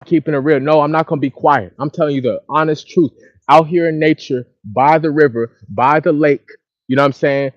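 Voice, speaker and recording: A man's voice: on the high side, fairly even intonation, fairly quick, dry recording, dull audio. Frustrated man venting outdoors. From Dallas, Texas. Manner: frustrated, venting, repetitive phrasing. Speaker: vlogger. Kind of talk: casual outdoor monologue to a live chat. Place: outdoors by a lake or river.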